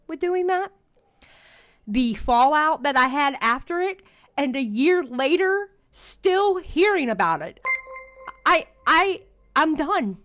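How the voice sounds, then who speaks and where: A woman's voice: high-pitched, fairly bright tone. A woman hosting a commentary livestream, reacting to a video and ranting in exasperation at absent people. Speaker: commentary channel host.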